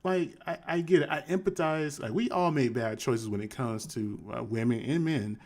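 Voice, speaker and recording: A man hosting a live commentary stream, chatting casually and reading quoted messages aloud in a flatter, quieter voice. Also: moderate pace. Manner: conversational, shifts to flat low reading voice for quoted texts. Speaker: commentary host.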